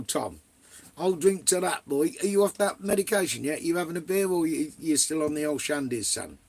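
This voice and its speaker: A man's voice: on the high side, gravelly, no room sound. An Englishman, casually chatting live from his camper van with viewers, full of banter and swearing, calling everyone mate and son. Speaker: vanlife live streamer.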